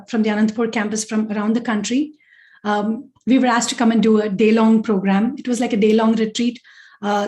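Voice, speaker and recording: A woman's voice: a little high, mellow. A middle-aged woman earnestly telling personal devotional stories as a guest speaker over a video call. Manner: heartfelt, earnest storytelling. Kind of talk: personal spiritual testimony.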